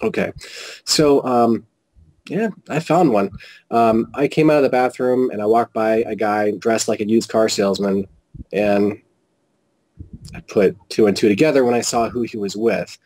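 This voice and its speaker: A man telling a personal story as an interview guest, animated and quoting whole conversations with frequent restarts. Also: fairly low pitch, moderate pace, low-quality recording. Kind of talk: casual storytelling.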